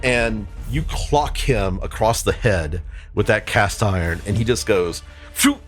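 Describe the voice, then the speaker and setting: A man narrating as dungeon master of a tabletop game, animated and often laughing. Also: on the low side, unhurried, soft background music.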